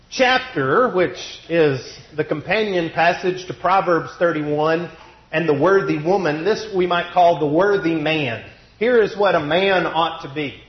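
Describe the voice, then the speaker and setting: A man preaching a sermon through a cough, slowing down to stress his points, at a pulpit mic in a church. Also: a little high. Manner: measured, deliberate delivery with slowed emphasis. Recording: roomy, dull lo-fi sound.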